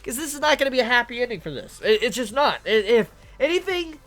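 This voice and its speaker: A woman's voice: fairly high pitch, big pitch swings, fast, a bit bright, soft background music. A young woman giving casual manga commentary, emphatic and repetitive, swearing often. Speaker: manga reviewer.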